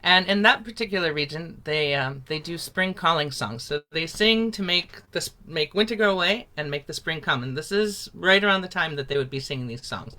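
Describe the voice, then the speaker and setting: Bright, upbeat woman teaching a folk song. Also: deep voice, brisk, hardly any pauses. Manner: upbeat, encouraging, laughs easily. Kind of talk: teaching a song over a video call.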